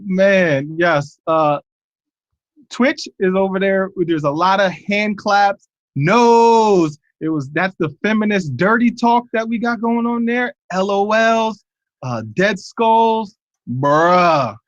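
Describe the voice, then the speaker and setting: A man's voice: high voice, slow, no room sound. A man hosting an online comedy show over a video call, upbeat, reading out chat reactions. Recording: dull, dry video-call audio.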